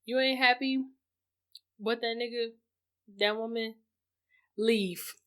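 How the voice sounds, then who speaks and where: Blunt woman co-host with a higher voice. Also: fairly even intonation, slow, clear, resonant tone. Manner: blunt, profane, gives advice. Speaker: podcast co-host. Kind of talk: casual chat.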